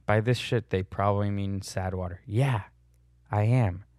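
A man's voice: fairly low pitch, fairly even intonation, a little slow, darkish tone, dry recording, studio quality. A young man casually answering viewer questions in a blunt, sardonic way, chuckling at his own jokes. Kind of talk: casual Q&A monologue.

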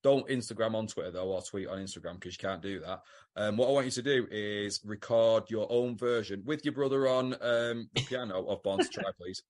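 A British man co-hosting a podcast in casual chat, animated and sweary, acting out scenes. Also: on the low side, fairly quick. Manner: animated, sweary, acts out scenes in put-on voices. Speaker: podcast co-host.

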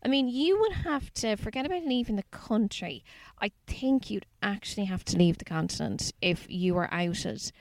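An Irish woman hosts a podcast in a chatty, lively way. She tells stories dramatically and narrates a true-crime case with plenty of feeling. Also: medium pitch, moderate pace, hardly any pauses. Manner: chatty, laughing, dramatic retelling. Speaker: podcast host. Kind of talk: casual chat and case narration.

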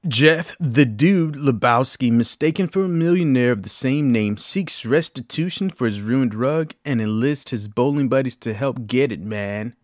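A man doing an impression of a laid-back slacker figure, speaking in a slow, lazy drawl. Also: medium pitch, no echo, clean studio sound, natural voice. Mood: mellow.

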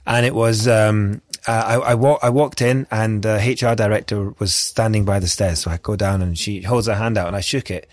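A Scottish man, a chef, telling stories in casual chat, excitable and swearing freely. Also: fairly low pitch, moderate pace, hardly any pauses, dry recording. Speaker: chef guest.

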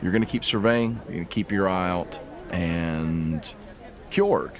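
Casting: very low-voiced male game master, relaxed rambling narration. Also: normal speed, crowd noise. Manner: loose, rambling narration with fillers.

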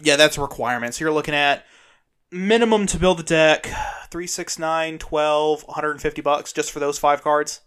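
A man's voice: a little high, normal speed, clear, resonant tone. A man from the United States co-hosting a casual chat, hesitant and full of ums. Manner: hesitant, lots of ums, relaxed. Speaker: podcast co-host. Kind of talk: casual chat about card games.

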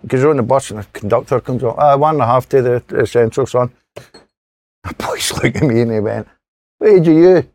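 A man's voice: medium pitch, fairly quick, darkish tone, no room sound. A middle-aged Scottish man telling a sweary, laughing family anecdote in casual podcast chat. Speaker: podcast panellist.

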